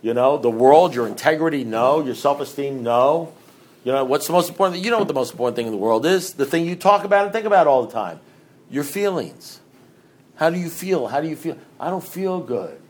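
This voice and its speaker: A man's voice: a little high, expressive, fairly quick. Middle-aged man sharing at a recovery meeting. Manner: rambling, conversational, asks the audience questions. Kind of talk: recovery talk to a group.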